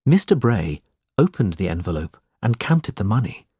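A man narrating a storybook chapter in a measured, deliberate reading. His pitch moves in a lively, expressive way over a husky tone. The recording is close and dry. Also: no echo. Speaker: audiobook narrator.

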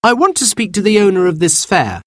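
A man's voice: high voice, sing-song, brisk, no echo, studio quality, voice pushed up. A man voicing a polite young boy in a raised childish voice.

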